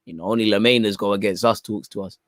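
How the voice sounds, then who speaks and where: A man's voice: lowish voice, fairly even intonation, fast, fairly bright tone, dry recording, clean studio sound. Chatty opinionated man commenting on a match. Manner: opinionated, chatty, often ends phrases with "man"; reads chat messages aloud and reacts. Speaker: football watchalong host. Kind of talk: live casual match commentary.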